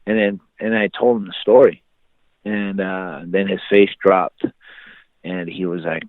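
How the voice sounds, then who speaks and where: A man's voice: deep voice, fairly even intonation, takes it slowly, long pauses, dry recording. A man in his forties, a podcast guest, telling a story in a casual interview and acting out the voices of the people in it. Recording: dry phone-like line.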